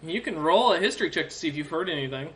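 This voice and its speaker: A game master narrating a tabletop game, animated and often laughing between descriptions. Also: mid-range voice, rapid-fire, background noise.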